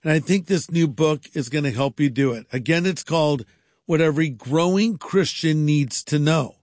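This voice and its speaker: A man's voice: on the high side, moderate pace, darkish tone, no room sound, studio quality. A man reading a scripted radio ministry announcement in an earnest, encouraging way.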